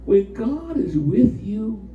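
A male preacher tells stories in an animated way and draws call-and-response from the congregation. His voice runs high and leaps all over its range. It comes from a distance in an echoey church, thin and phone-like. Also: takes it slowly, a little hiss or hum. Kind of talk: sermon.

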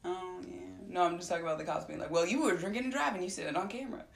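A woman's voice: on the low side, rapid-fire, gravelly, roomy sound. A woman chatting casually as a co-host, speaking frankly and drifting into asides. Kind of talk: casual chat.

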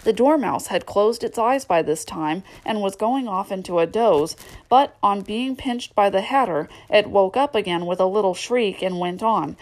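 A woman reads a classic children's tale aloud with a steady, expressive delivery. Her voice sits in the middle range for a woman. The narration is even and carefully paced. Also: medium pitch, moderate pace. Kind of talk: storybook reading aloud.

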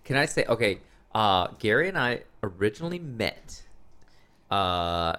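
A man in a loose comedy podcast chat spins a story with a lively, bouncing voice that climbs high when he gets excited. He laughs easily and keeps the banter rolling with his co-host. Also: measured pace. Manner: animated, laughs often, storytelling with big pitch swings.

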